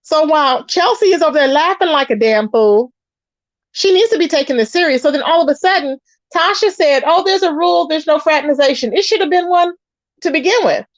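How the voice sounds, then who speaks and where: A woman hosting a casual gossip commentary show, chatty and animated, answering her live chat. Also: high voice, brisk, dry recording, muffled recording. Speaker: commentary channel host.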